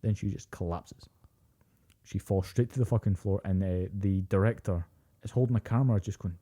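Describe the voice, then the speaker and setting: A young man co-hosting a podcast, telling an animated story in casual chat, swearing freely and acting out quotes. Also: sits low, moderate pace. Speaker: podcast co-host.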